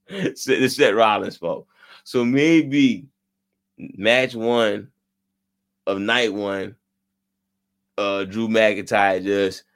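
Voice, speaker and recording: A man co-hosting a casual wrestling podcast, talking bluntly with slang and profanity. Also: on the low side. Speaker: podcast co-host.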